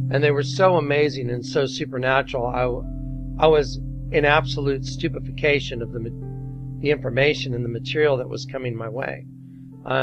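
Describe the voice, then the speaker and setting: A man narrating commentary over images, earnestly pointing out details step by step. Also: medium pitch. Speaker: presenter and narrator. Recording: dull, lo-fi sound with music.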